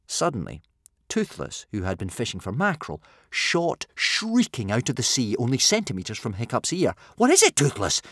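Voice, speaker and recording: Lively, expressive male storybook narrator. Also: medium pitch, moderate pace, dry recording, clean studio sound. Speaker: audiobook narrator.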